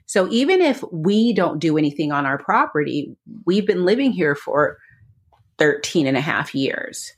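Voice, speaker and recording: A woman's voice: deep voice, big pitch swings, moderate pace, husky. A woman co-hosting a podcast in casual chat, talking eagerly and rambling with lots of fillers. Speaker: podcast co-host.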